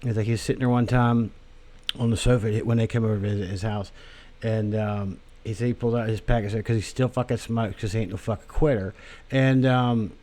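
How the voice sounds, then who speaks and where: A man's voice: fairly low pitch, steady tone, a little fast, mellow. A man delivering a rambling, profane solo monologue with crude language, drifting tangents and many fillers. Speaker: podcast host.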